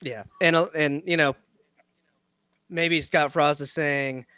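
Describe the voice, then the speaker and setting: A man with a fairly high voice hosts a loose sports podcast, rambling along and laughing at himself often. His voice sounds close and dry, with no room behind it. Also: steady tone, takes it slowly, sharp tone, clean tone, dry recording. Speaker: podcast host. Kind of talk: casual sports podcast chat.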